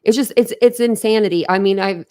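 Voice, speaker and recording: Reacting to viewer comments in a casual livestream, a young true crime host talks emotionally and at length, laughing often and abandoning sentences only to restart them. She speaks fairly quickly at a medium pitch, in a clear, resonant voice with a dark tone.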